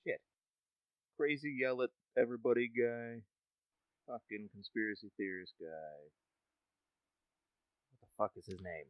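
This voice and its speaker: A man's voice: medium pitch, fairly even intonation, a little slow, pauses often, dry recording, muffled recording. A man co-hosting a casual podcast over a video call, talking in a wry, easygoing way with some swearing. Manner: laid-back, wry and swearing. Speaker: podcast co-host.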